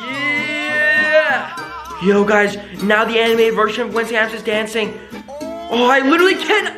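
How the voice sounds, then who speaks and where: A reaction video host giving excited commentary, shouting and gasping often. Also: medium pitch. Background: background music.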